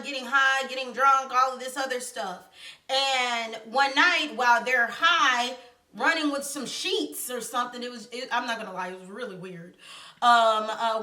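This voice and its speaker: A woman with a high, sharp voice tells a movie's plot in a loose, animated way, full of slang and side comments. She sits back from the mic in an echoey room. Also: recorded from a distance. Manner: chatty, animated storytelling with slang and asides. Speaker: film reviewer. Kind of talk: casual film plot recap.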